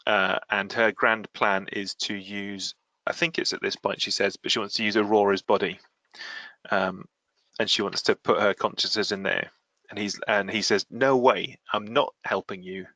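A man's voice: lowish voice, level tone, moderate pace, sharp tone, no room sound. A man hosting a casual comic-book podcast, recapping the plot with quoted lines and frequent laughs. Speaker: podcast host.

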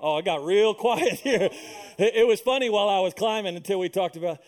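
A man in his thirties preaches with an animated, storytelling delivery, often slipping into the voices of the people in his anecdotes. His voice sits high for a man. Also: brisk. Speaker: pastor. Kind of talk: sermon.

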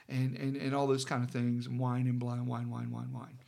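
A middle-aged man, a pastor, telling a personal story in casual conversation, halting with many fillers and restarts. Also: mid-range voice, monotone, vocal fry, warm tone.

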